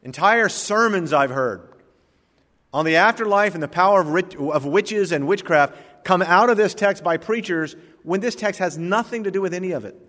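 A male pastor preaching a sermon and reading scripture, with dramatic swings between loud emphasis and quiet asides. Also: high voice, normal speed. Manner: reads scripture in King James wording. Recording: long hall reverb.

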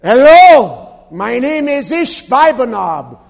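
Vengeful young giant, preacher doing the voice, loud and high, big hall echo. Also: male voice, very animated, slow pace, gravelly, full character voice. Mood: menacing. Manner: mock-villain movie parody. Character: menacing young giant warrior, male, vengeful. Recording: long hall reverb.

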